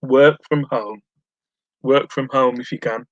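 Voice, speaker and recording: A man's voice: mid-range voice, steady tone, unhurried, muffled recording, slight background noise. Rambling man hosting a live stream. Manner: rambling, self-mocking, fillers and restarts. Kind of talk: casual chat while reading live chat.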